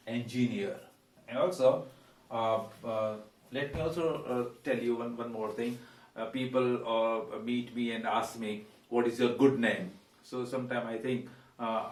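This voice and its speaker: A man teaching English pronunciation, pausing on fillers and repeating words slowly. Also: medium pitch, recorded from a distance. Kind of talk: pronunciation lesson. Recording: echoey room, voice away from mic.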